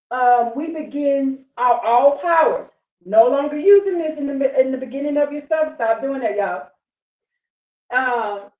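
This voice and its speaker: A woman's voice: sits high, darkish tone, reverberant, distant mic, low-quality recording. Fervent woman preaching on a live stream. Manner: fervent, emphatic, addresses viewers as y'all. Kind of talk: excited live-stream preaching and reading aloud.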